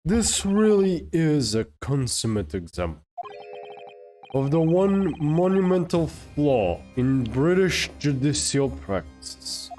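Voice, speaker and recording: A streamer reading the lines of a haughty, aristocratic male prosecutor in a video game, slow and disdainful. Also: medium pitch, sing-song, warm tone, soft background music. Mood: scornful.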